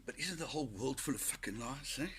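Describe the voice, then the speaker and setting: A man's voice: mid-range voice, fast, fairly bright tone, a little hiss or hum. A South African man hosting a podcast, rambling through sardonic, foul-mouthed commentary. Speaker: podcast host. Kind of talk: casual solo commentary.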